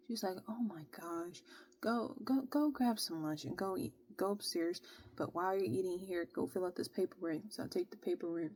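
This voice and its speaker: A young woman casually telling a long personal story, animated and exasperated, with plenty of slang. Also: lowish voice. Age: young adult. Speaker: vlogger.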